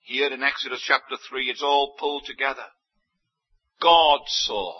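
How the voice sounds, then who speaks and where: A man preaching a sermon, emphatic, with big swings in pitch and loudness. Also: fairly even intonation, normal speed, breathy edge. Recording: dull lo-fi sermon recording.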